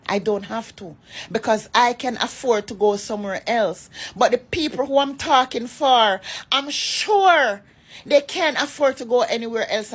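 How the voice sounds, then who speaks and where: A woman from Jamaica with a Jamaican accent that slides into patois, giving an impassioned, emphatic rant that scolds her critics. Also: a little high. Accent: Jamaican, shifting into patois. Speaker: vlogger. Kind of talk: political rant to followers.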